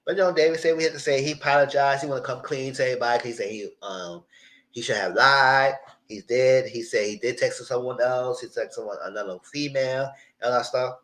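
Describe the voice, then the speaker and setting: Bright-voiced man recapping TV live. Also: mid-range voice, brisk, reverberant, poor audio. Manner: animated, jumps into voices of quoted people. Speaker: YouTube TV recap host.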